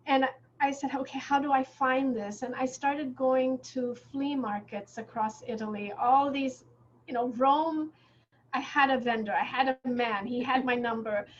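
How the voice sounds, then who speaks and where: A woman author, reflective and halting, telling a story in conversation with many fillers and restarts. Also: sits high. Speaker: author guest in a bookstore conversation. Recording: muffled lo-fi recording with faint noise.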